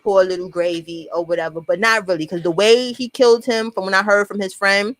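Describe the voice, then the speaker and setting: A young woman with a New York accent telling a profane, animated storytime and acting out what people said. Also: mid-range voice, brisk. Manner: profane, animated, acts out quotes. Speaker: storyteller vlogger. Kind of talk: casual storytime monologue.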